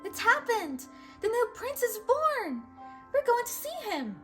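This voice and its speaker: A squeaky, eager little boy rabbit from a storybook, bouncing with excitement, as a woman reading aloud puts him on. He speaks high and fast, far above the reader's own voice. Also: soft background music, full character voice. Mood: excited. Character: excited young male rabbit.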